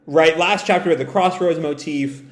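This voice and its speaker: Man, higher voice, halting with fillers and restarts, reading and reacting live, roomy echo. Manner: halting, with frequent fillers and self-corrections. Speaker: manga reaction video host. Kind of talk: reading a comic chapter aloud with live reactions.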